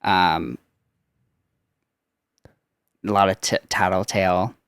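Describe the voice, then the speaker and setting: A man's voice: sits low, fairly even intonation, slow, fairly bright tone, smooth, dry recording, clean studio sound. A young man, a guest on a podcast, chatting casually about his work as a theme park character performer, with many filler "like"s.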